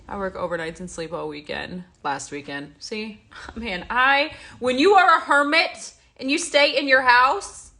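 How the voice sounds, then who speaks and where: A woman's voice: on the high side, sharp tone. A woman, sounding a little stuffy, chatting casually on a livestream and answering viewers as she goes. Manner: chatty, rambling, reads viewer comments aloud. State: stuffy-nosed, yawning. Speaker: livestream host.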